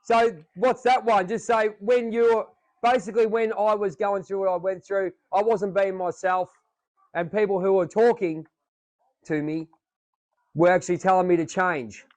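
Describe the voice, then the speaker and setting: A man's voice: sits high, fairly even intonation, normal speed, darkish tone, no echo, poor audio. A man with an Australian accent hosting a podcast in a chatty, jokey way, rambling with fillers. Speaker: podcast host. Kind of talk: casual chat.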